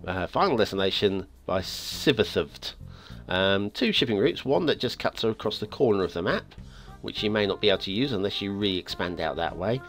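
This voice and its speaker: A man hosting a game map review show, talking in a casual, rambling way with many restarts, his voice getting a little hoarse. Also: normal speed. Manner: chatty and rambling, with frequent restarts and stammers; lively, swinging pitch. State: voice going hoarse. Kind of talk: casual video game commentary. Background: faint background music.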